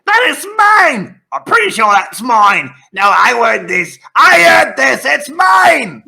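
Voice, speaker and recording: Man doing little male imps, shrill, squabbling, high-pitched, shouting over each other. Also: very animated, slow pace, gravelly, exaggerated voice. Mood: greedy shrieking. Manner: shrieking, bickering, greedy.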